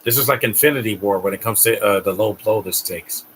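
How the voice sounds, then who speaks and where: A man's voice: fairly low pitch, brisk, a bit bright, a little hiss or hum. A man hosting a live stream, making casual, sarcastic asides while watching a film.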